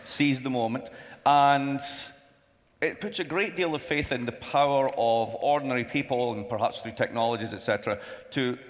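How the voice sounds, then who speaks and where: A man's voice: medium pitch, moderate pace. A man moderating a conference panel, conversational and wry, with asides. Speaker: moderator, professor. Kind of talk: onstage panel interview. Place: large conference hall. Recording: long hall reverb.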